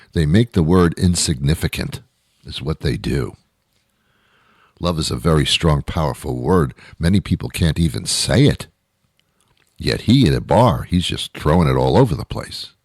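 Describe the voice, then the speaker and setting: A man with a very low voice rambles through a comic monologue in a deadpan, mock-outraged way. The sound is dry and close, with no room sound. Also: breathy edge, no echo. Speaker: show host. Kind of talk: comedic monologue.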